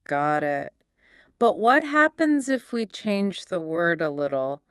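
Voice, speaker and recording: A woman's voice: lowish voice, sing-song, slow, smooth, no echo, clean studio sound. A woman co-hosting a podcast, asking curious follow-up questions in a scripted teaching dialogue. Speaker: podcast co-host.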